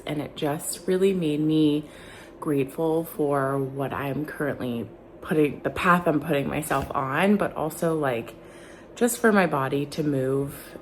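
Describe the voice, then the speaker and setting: A woman in a fitness program sharing a grateful, soft-spoken video testimonial. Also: sits low, a little hiss or hum.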